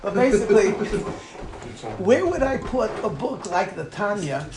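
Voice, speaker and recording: A man's voice: high-pitched, big pitch swings, unhurried. A male rabbi speaking at a gathering, telling stories with laughs and quoting with rising fervor. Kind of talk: farbrengen talk. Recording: echoey room with noise.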